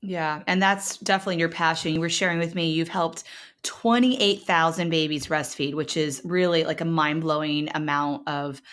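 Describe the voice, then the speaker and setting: Low-voiced woman chiropractor hosting. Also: fairly even intonation, normal speed, fairly bright tone. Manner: thoughtful, affirming, hesitant with fillers. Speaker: chiropractor, interview host. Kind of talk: interview conversation.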